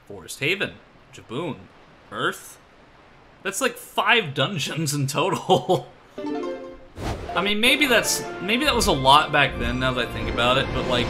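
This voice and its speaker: A man streaming a video game, chatting casually in a rambling, self-deprecating way and laughing often, with game music behind. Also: mid-range voice. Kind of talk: casual let's-play commentary.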